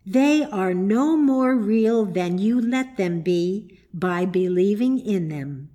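A woman reading the part of a gentle, kindly grown woman who patiently guides a child. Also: medium pitch, lively intonation, takes it slowly. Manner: soft and patient.

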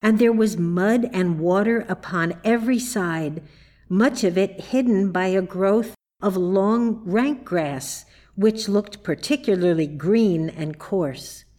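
A woman reading a children's storybook aloud in a calm narrating voice. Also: medium pitch, slow.

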